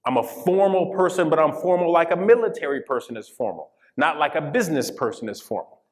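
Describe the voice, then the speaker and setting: A man's voice: on the high side, lively intonation, fairly quick. Emphatic man presenting in a reverberant hall. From Colorado, USA. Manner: emphatic, checks in with the audience often. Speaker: diversity workshop presenter. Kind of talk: interactive workshop presentation. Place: conference session room. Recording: long reverb of a large hall.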